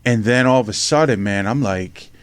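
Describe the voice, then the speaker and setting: A middle-aged man from Pennsylvania telling his life story in a casual interview, animated and blunt, swearing freely and acting out the voices in his tales. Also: medium pitch, normal speed, smooth, no room sound. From Norristown, Pennsylvania, USA. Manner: animated storyteller, acts out quotes, swears freely, says "right?" often. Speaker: podcast host and memoir author.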